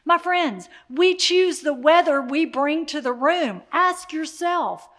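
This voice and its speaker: A woman giving a motivational talk, speaking straight to the listener in an animated way and repeating her key phrases. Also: sits high, slow pace.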